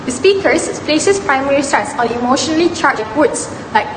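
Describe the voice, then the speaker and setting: A woman's voice: high voice, expressive, normal speed. Young woman presenting in an echoey room. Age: young adult. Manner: reads a prepared script with slips. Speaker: student presenter. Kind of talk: class presentation on phonetics. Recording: echoey room with long reverb and noise.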